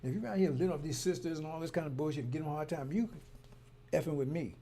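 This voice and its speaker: A man's voice: a little high, racing, warm tone. A man telling a story and ranting in a heated, rambling way, repeating himself often. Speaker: broadcaster. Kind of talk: casual monologue.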